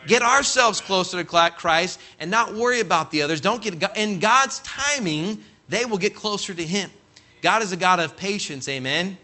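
A man's voice: high-pitched, moderate pace. A man from California, an assistant pastor, preaching a conversational sermon full of stories and calling out "Amen?" to the congregation. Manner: animated, acts out quoted voices, calls "Amen?" to congregation.

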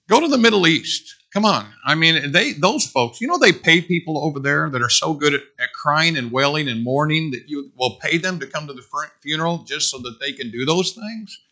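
A middle-aged man preaching a sermon, animated, breaking into whoops and joking asides. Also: on the high side.

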